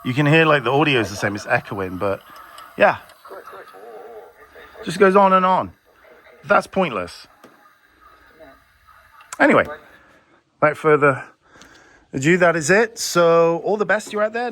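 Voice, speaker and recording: A man's voice: on the high side, sing-song, measured pace, pauses often, a bit bright. Blunt, sarcastic man ranting. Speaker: video transfer business owner. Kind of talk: ranting vlog monologue.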